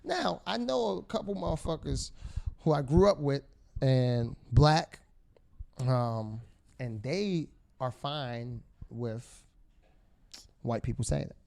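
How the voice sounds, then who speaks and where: A man's voice: mid-range voice, animated, takes it slowly, vocal fry, long pauses, darkish tone. A man co-hosting a podcast in casual chat, teasing and laughing often. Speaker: podcast co-host.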